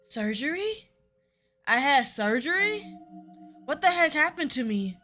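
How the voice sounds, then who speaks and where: A woman's voice: high-pitched, sing-song, measured pace, pushed and bright, soft background music. A young woman playing a visual novel with commentary, playful and teasing, laughing often and throwing in slangy asides. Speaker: gaming content creator.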